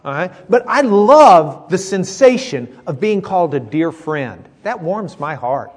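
Folksy Southern man teaching a Bible class. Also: on the high side. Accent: American Southern. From Southern United States. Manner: folksy and joking, reading verses slowly.

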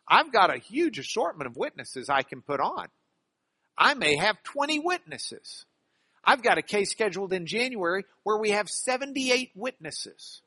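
A man's voice: high voice, bright, forceful tone, dry recording. A man who works as a trial lawyer teaching a class from slides, folksy and emphatic, with joking asides.

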